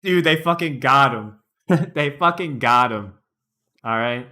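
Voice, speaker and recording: A man's voice: mid-range voice, lively intonation, takes it slowly, pushed and bright, soft background music. A man streamer giving casual reaction commentary, laughing often and joking around.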